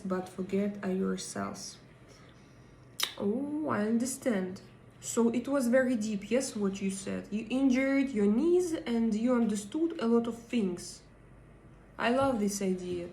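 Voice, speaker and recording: A woman's voice: fairly high pitch, takes it slowly, mellow, reverberant, slight background noise. A woman with a Russian accent, hosting a casual live stream, chatting with her viewers and reading their comments, with many fillers and hesitations. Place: home in Denmark.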